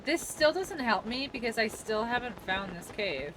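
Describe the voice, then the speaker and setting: It's a casual gaming stream from home: a young woman with a fairly high, lively voice chats with viewers at a moderate pace, rambling with easy laughter and reading the chat aloud. The background is noisy.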